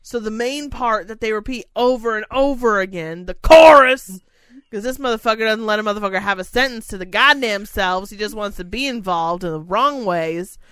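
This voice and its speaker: A woman's voice: medium pitch, brisk, hardly any pauses, bright, forceful tone, clean tone, dry recording. A woman co-hosting a casual podcast, ranting with lots of swearing and exasperation. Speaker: podcast co-host. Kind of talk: casual chat.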